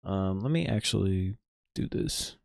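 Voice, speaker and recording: A man hosting a casual livestream, chatting in a relaxed, rambling way with many fillers while showing viewers' art. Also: low voice, measured pace, gravelly, no room sound. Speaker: livestream host.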